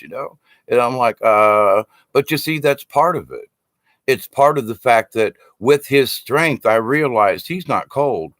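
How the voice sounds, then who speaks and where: This clean, dry studio recording features a medium-pitched, fairly bright male voice. He's an older speaker on shamanism, rambling through casual stories about his teachings with frequent laughter and offhand swearing.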